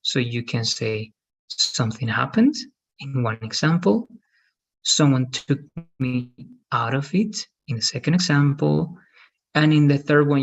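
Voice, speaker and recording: A man's voice: medium pitch, vocal fry. A male English teacher explaining grammar step by step in an online class.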